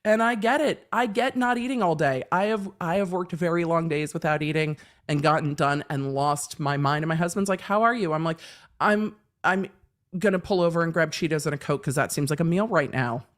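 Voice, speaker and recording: A woman's voice: low-pitched, fairly quick. A middle-aged woman hosting a legal commentary livestream, chatting casually and laughing, with plenty of swearing. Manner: animated, laughing, swearing freely.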